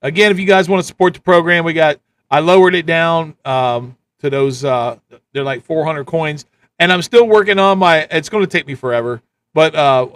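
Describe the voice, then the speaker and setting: Ranting livestream man, high and bright. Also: normal speed, clean tone, no echo. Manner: ranting, repetitive, blunt. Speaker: livestream host. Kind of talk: political commentary livestream.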